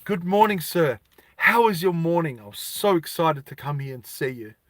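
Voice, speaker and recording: A fawning human mother, voiced by a man for a spoken story, overly polite and eager to please. Her tone sits a little high and bright. It is recorded close and dry. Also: animated, moderate pace, dry recording.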